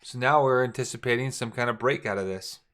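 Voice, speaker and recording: Middle-aged male trading instructor, easygoing, repeats key points, mid pitch. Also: brisk, a bit bright. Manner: casual, repetitive, talks while drawing charts. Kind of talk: screen-share trading lesson.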